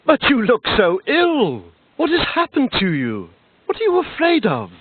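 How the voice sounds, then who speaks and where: A man's voice: very high-pitched, huge pitch swings, measured pace, husky, no echo, voice pushed up, full character voice. A man voicing Clerval, the narrator's worried, caring young friend, in a cassette audiobook reading. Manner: urgent and pleading, coaxing. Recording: tinny lo-fi cassette with music.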